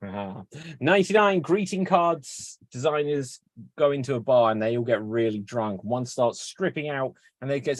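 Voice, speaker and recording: A man hosting an online improv comedy show, brisk and upbeat, calling on players over a video call. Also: mid-range voice, sing-song, dry recording. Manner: brisk, upbeat, auctioneer-like prompting. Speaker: improv host. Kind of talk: emceeing an online improv game.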